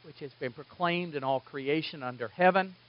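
A man preaching a sermon as pastor, animated, switching between loud emphasis and hushed asides. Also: on the high side, normal speed. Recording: dull lo-fi, dry.

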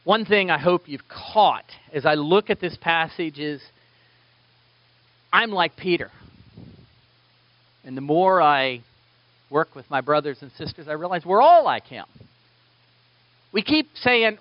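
Animated, high-voiced male preacher. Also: a little slow, pauses often, no echo, highs cut off. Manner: animated, conversational, self-deprecating. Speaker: pastor. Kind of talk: sermon.

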